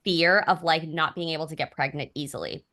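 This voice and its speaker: A woman with a slightly low voice co-hosts a relaxed podcast. She talks candidly and loosely, and she keeps checking in with "right?" and "like". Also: fairly quick. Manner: animated and candid, many fillers and rhetorical 'right?'. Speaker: podcast co-host. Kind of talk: casual podcast chat.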